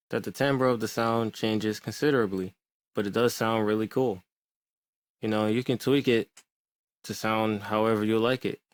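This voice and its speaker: A man explaining music production in a relaxed, conversational way, thinking aloud as he goes. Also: fairly low pitch, clear, resonant tone, no room sound. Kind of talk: tutorial explanation.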